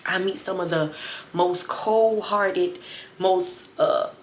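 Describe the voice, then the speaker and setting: A woman in her twenties telling a storytime vlog to her viewers, sassy and animated. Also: lowish voice, slow, a little hiss or hum. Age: 20s. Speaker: vlogger. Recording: roomy echo.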